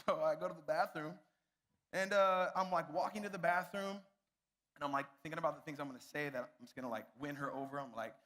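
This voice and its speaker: A young man who works as a youth pastor tells a self-mocking story directly to his youth group. He talks fast, and his fairly high voice sounds pushed and bright.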